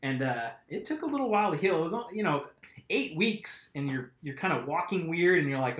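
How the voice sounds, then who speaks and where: A man's voice: fairly high pitch, lively intonation, moderate pace, a bit bright. A man casually chatting on a live stream while working on his bike, rambling and answering viewers' comments. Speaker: mountain bike vlogger. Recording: roomy echo.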